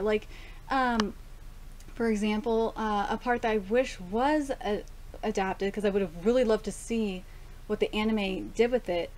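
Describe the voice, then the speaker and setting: A young woman casually reviewing an anime episode, gushing and excitable, swearing now and then. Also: medium pitch.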